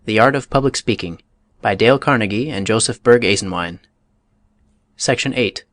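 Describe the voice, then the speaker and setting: A man narrating a nonfiction book in a measured, deliberate reading style. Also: on the low side, a bit bright, no room sound. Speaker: audiobook narrator.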